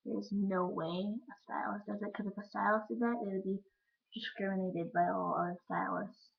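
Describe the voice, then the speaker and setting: A teenage girl rambling in a casual vlog chat, full of "like" and quick asides. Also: mid-range voice, little pitch movement, vocal fry, slightly rough. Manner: chatty, rambling, lots of "like". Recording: lo-fi webcam audio.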